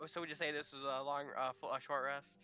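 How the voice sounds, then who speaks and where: A man talking through a tabletop game who stumbles and repeats words before getting going. His voice is bright and crisp, slightly high. It comes through a dull lo-fi mic. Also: little pitch movement, fast. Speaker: player. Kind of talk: casual tabletop game chat.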